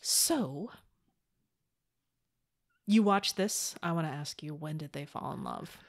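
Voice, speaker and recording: A woman's voice: low voice, animated, slow pace. A woman co-hosting a casual podcast chat, teasing and playful, who acts out the characters' lines when she retells scenes. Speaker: podcast co-host.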